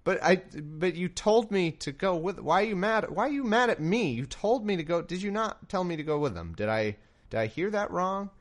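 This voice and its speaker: A man voicing a confused, whining biblical man pleading for answers, pitched well above his own voice. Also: animated, moderate pace. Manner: whiny, pleading.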